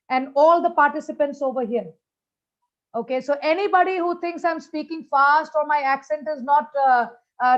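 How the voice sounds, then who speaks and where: A high-voiced woman gives a motivational keynote over a video call. She talks with lots of energy, repeats her greetings and fills pauses with lots of "uh"s. The audio comes through dull and lo-fi. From India. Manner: energetic, repetitive greetings, many fillers. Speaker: motivational speaker. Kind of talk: conference keynote talk.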